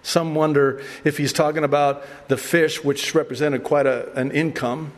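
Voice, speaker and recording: A man's voice: on the high side, steady tone, normal speed. A man preaching a sermon, telling the story animatedly and acting out voices with humor. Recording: distant voice with long hall reverb, faint ambience.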